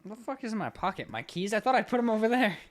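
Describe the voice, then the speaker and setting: A man's voice: high-pitched, sing-song, very fast. A young man co-hosting a casual podcast, joking, swearing and laughing often. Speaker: podcast co-host. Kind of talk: casual chat.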